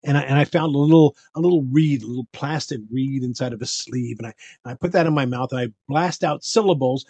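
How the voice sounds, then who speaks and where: An older man telling stories in a casual podcast interview, animated and acting out voices, with many restarts. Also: medium pitch, quick pace, no echo, lo-fi sound. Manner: frequent restarts and stammers. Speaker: guest, bubble performer. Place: podcast room.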